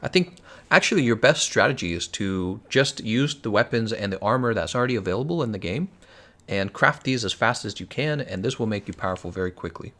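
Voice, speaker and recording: A man's voice: lowish voice, expressive, a little fast, sharp tone. A man streaming a video game, talking casually and playfully bossing players around. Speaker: gaming streamer. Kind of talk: casual live-stream commentary.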